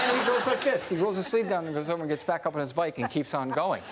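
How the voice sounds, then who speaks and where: A man's voice: a little high, heavy background noise. Rambling, enthusiastic male storyteller. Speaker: talk show guest, actor. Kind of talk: comic anecdote.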